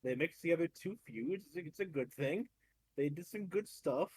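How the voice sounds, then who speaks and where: A man's voice: fairly high pitch, lively intonation, normal speed, a little mellow, husky, no echo. A man co-hosting a podcast, giving laid-back opinions on a wrestling match with lots of hedging and some swearing. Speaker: podcast co-host. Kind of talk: casual chat recapping wrestling.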